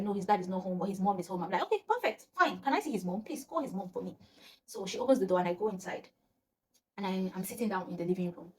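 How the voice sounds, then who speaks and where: A young woman from Nigeria with a Nigerian accent, telling a personal story in casual vlog chat and acting out the voices of the people in it. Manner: animated, acts out quoted voices, often drops to a low murmur. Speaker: storyteller vlogger.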